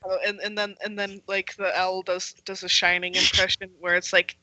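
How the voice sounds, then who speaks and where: A woman playing a tabletop game on a stream, chatting playfully with loud exclamations. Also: medium pitch, little pitch movement, moderate pace, no room sound, rough recording. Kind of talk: casual chat on a game stream.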